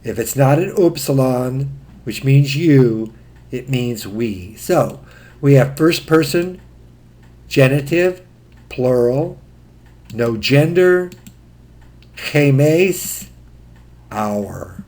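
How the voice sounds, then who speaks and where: A man teaching Greek grammar in a recorded lecture, explaining step by step in a slow, methodical way. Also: mid-range voice, lively intonation, darkish tone.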